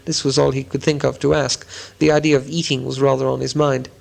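A man narrating a storybook in a slow, deliberate storytelling manner. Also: medium pitch, little pitch movement, gravelly. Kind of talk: reading a storybook aloud.

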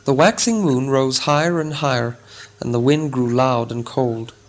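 A man reading a fantasy story aloud in a dramatic, deliberate storytelling manner. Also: mid-range voice. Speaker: audiobook narrator. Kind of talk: scripted narration.

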